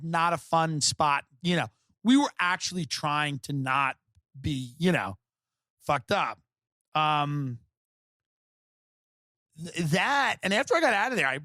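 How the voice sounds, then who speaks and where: A man's voice: a little high, sharp tone, dry recording, studio quality. A man from Long Island telling rambling, sardonic stories as a comedian podcast host. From Long Island, New York. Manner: rambling, sardonic, jumps between voices. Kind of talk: casual storytelling.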